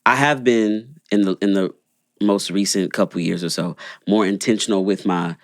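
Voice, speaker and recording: A man's voice: on the low side, moderate pace, dry recording, clean studio sound. A young man co-hosting a podcast, chatting in a laid-back, rambling way with lots of fillers. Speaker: podcast co-host. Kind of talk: casual chat.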